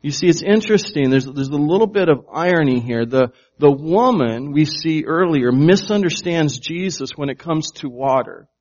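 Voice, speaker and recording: A man's voice: a little high, lively intonation, normal speed, hardly any pauses, darkish tone, dull audio. A man preaching a sermon, emphatic and shifting his volume to stress words, often asking his congregation questions. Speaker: pastor.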